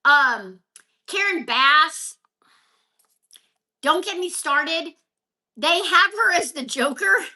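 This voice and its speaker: A woman's voice: high voice, expressive, slow, long pauses, pushed and bright. A woman from Texas, hosting a casual live stream from home on her phone, ranting and chatting back to viewers by name. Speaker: livestream host. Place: home, at a counter. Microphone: phone held vertically.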